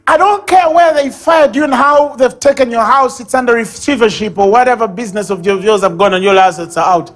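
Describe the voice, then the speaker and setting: A man with a Ugandan English accent preaching a sermon at a church service, animated, acting out sobs and baby babble and shouting key lines. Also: extremely high pitch, a little fast, few pauses, faint music behind.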